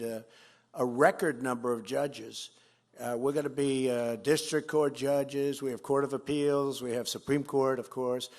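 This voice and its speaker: At a fundraiser event, a medium-pitched man in his seventies delivers a campaign speech, emphatically repeating phrases and swinging between loud and quiet.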